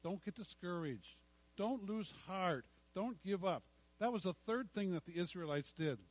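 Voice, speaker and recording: Emphatic preaching man, fairly high voice. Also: lively intonation, low-quality recording. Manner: emphatic preaching, slows to stress scripture, drops to hushed asides. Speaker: pastor. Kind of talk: sermon.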